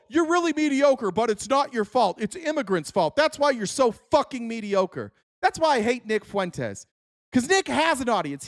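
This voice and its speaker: A man's voice: very high-pitched, no echo, clean studio sound. A man giving an opinion monologue as a political commentator, blunt, heated and profane.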